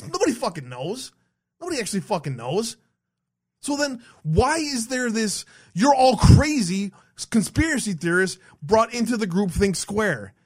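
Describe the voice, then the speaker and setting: A man hosts an online show in a heated, profanity-laden rant. His high voice swoops up and down as he talks, and he rambles bluntly, often tripping over restarts. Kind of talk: heated ranting commentary.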